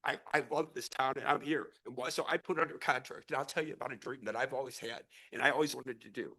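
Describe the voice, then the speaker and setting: A man's voice: mid-range voice, fairly even intonation, fast, gravelly, bright, forceful tone, husky. A middle-aged man who grew up in the St. Louis area, giving an impassioned, rambling speech as a real estate investor at a city council meeting. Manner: earnest, rambling, repeats and restarts words.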